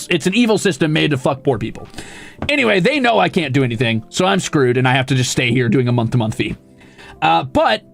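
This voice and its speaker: A man's voice: sits high, gravelly. A young man chatting casually on stream, telling a story with lots of swearing and acted-out quotes. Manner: profane, animated storytelling with voiced quotes. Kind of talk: casual chat. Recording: faint music behind.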